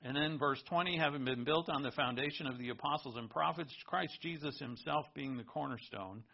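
A man's voice: medium pitch, a little fast, gravelly. A man preaching a sermon, reading scripture aloud and explaining it in an earnest teaching tone. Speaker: pastor. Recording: muffled lo-fi recording.

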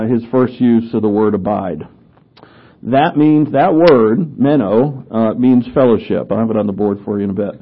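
A man preaching a conversational Bible lesson, with offhand asides and frequent restarts as he explains scripture. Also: medium pitch. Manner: conversational teaching, with asides and self-corrections. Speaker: pastor teaching a Bible study. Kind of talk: sermon. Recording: tinny phone-like sound.

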